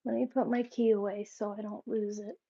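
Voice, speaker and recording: A woman's medium-pitched, husky, creaky voice stays fairly flat as she talks at a normal pace, warm in tone but muffled on the room camera's recording. She's making a casual vlog at home, breaking off from talking to the camera to give her dogs firm commands again and again.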